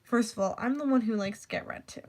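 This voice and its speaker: In a fast, fairly high, slightly mellow voice, a young woman spins rambling stories for her casual vlog, swearing without restraint and leaning on "like" constantly.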